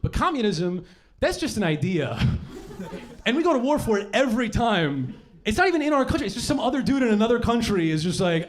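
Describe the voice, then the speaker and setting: A young man performing a stand-up set on a club stage, profane and animated, breaking into shouted bits. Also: high voice, brisk. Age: young adult. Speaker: stand-up comedian. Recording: noisy live club recording. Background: audience laughter.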